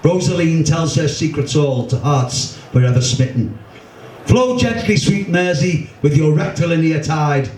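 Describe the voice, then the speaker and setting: Liverpool poet reciting comic rhymes live, slightly high voice, recorded from a distance in a reverberant room. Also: male voice, unhurried, darkish tone. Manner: rhythmic, rhyming delivery with wry humour. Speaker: poet and performer. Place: pub function room. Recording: echoey room, distant mic, faint hum.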